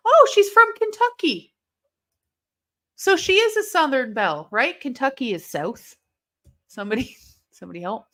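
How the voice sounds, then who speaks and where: A young woman hosting a live watch-along stream, reacting aloud to a match with excitable, swearing commentary. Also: high voice, normal speed, pauses often. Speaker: livestream host.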